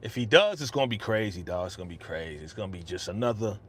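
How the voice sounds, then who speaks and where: Talking fast and animatedly, this live streamer has a fairly low, slightly bright voice with a breathy edge. Into his podcast studio mic, he keeps up slangy, casual chatter and reads out comments from viewers.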